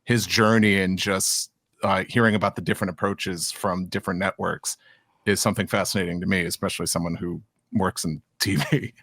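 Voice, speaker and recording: A man's voice: sits low, fairly even intonation, brisk, a bit bright, dry recording, studio quality. A man, a podcast co-host, talking casually and loosely, with lots of restarts and fillers. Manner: chatty, many restarts and "you know" fillers. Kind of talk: casual chat.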